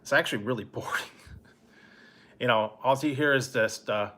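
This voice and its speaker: A middle-aged man hosting a late-night live stream, telling a rambling, laid-back story with soft chuckles and answering chat. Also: mid-range voice, normal speed. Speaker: food review channel host.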